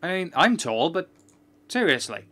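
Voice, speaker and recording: A man's voice: a little high, big pitch swings, moderate pace, sharp tone. Joking man playing a game. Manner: joking, chatty, sarcastic. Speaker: gamer. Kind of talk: let's-play commentary.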